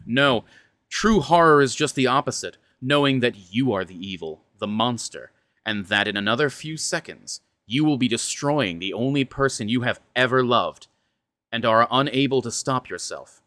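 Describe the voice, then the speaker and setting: A man's voice: mid-range voice, lively intonation, moderate pace, bright, forceful tone, no room sound. A man reading a fantasy horror novel aloud, breaking off now and then for chatty, stumbling asides. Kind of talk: dramatic book reading with casual asides.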